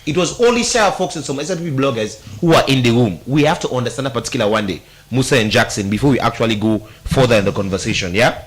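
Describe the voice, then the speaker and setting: A man's voice: mid-range voice, animated, fast, few pauses. A man with a Sierra Leonean Krio-inflected accent, giving political analysis on a radio talk show, emphatic and mixing Krio with English.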